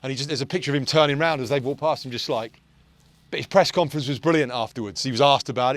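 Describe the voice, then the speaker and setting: Speaking fast in a mid-range voice with no room sound, this forty-something performance coach chats casually out on a golf course. His manner is intense and blunt. He tells stories and drops the odd curse.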